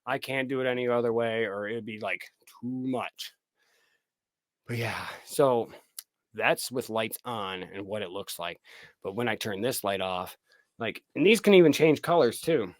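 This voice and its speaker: A man's voice: mid-range voice, unhurried, dry recording. A man, a film director guest, chatting casually on a podcast, swearing freely and acting out his own reactions.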